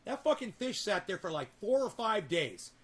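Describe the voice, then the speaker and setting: A man's voice: high voice, big pitch swings, moderate pace, a bit bright, husky. A man telling rambling, profanity-laden stories in a casual home vlog. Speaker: vlogger. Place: home with garden and indoor grow.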